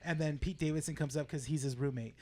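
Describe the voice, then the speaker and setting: A man's voice: on the high side, fairly even intonation, quick pace, mellow. A man co-hosting a casual podcast chat, laughing often and agreeing along. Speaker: podcast co-host.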